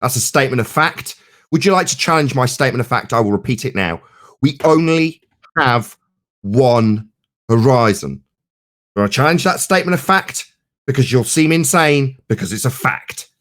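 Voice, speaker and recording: A combative man in a live debate who mocks the other side. He slows down and leans hard on single words to drive his point home. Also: mid-range voice, expressive, fairly bright tone. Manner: mocking, combative, slow emphatic stresses. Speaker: debate participant.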